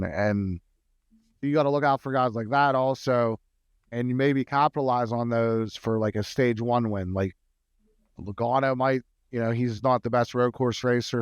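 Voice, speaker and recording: A man with a smooth, clear voice breaks down betting angles on a casual podcast. He thinks aloud, restarting sentences as he goes. The recording is dry and close. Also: mid-range voice, no echo. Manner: analytical, many fillers and restarts. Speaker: podcast co-host, betting analyst. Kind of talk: casual sports betting chat.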